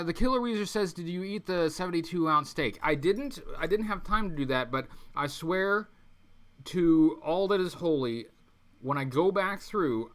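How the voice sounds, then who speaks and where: Man, livestream host, bright tense voice, slightly high, rambling with ums and restarts. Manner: rambling, many ums and restarts, reads chat aloud. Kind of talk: casual livestream chat. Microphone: webcam mic.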